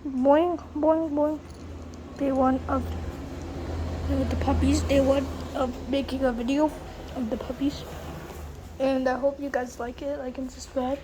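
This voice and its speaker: High-voiced woman cooing over a puppy. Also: flat delivery, normal speed, pauses often, background noise. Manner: gushing, coos baby talk at the puppy. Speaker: vlogger. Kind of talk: casual home vlog talking to a puppy. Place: family home.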